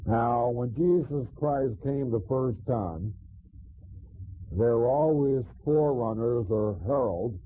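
A man teaching through a Bible passage verse by verse, in a measured way with frequent pauses. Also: mid-range voice, breathy edge. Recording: tinny phone-like sound.

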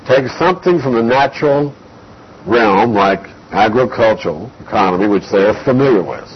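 A man preaching an expository Bible lesson, slow and deliberate, reading scripture aloud between explanations. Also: on the low side, lively intonation, a little hiss or hum. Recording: dull lo-fi recording.

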